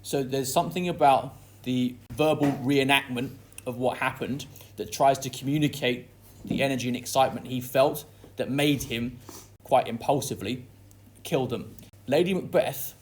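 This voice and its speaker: A play is under analysis in this lesson from a male English literature teacher. His voice is medium in pitch and normal in speed, and he lends quoted lines dramatic stress before interpreting them.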